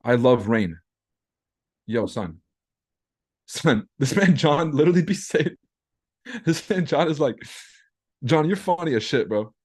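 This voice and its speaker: A man's voice: fairly high pitch, expressive, measured pace, pauses often, breathy edge. A man hosting a live trading stream, chatting casually in a brash, profane, joking way while reacting to chat messages. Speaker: trading livestream host.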